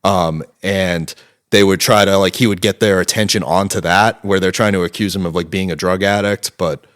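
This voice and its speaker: This is a man in his thirties with a deep, low-set voice. He talks as a guest in a relaxed interview, rambling through anecdotes with plenty of fillers. His speech is casual and peppered with profanity. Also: moderate pace, smooth.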